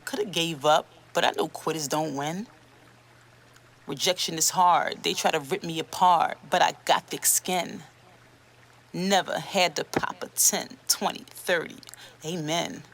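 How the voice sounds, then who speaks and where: A woman rapper delivering a low, intimate verse on a hip-hop track. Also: gravelly. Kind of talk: rap verse over a hip-hop beat. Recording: rap track with loud hip-hop music.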